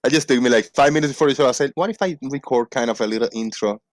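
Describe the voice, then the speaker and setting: A man hosting a casual livestream, rambling playfully and reading out shout-outs to viewers. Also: medium pitch, racing, no echo, studio quality. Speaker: livestream host. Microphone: desk microphone.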